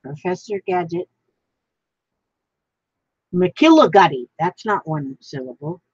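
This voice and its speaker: A woman talks slowly and ramblingly to herself as she crafts, musing over ideas in an unhurried drawl. Her voice sits dry and close, with no room around it. The recording is dull and a bit lo-fi. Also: lowish voice, lively intonation, darkish tone, breathy edge, no echo. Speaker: crafting vlogger. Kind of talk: casual thinking aloud while crafting.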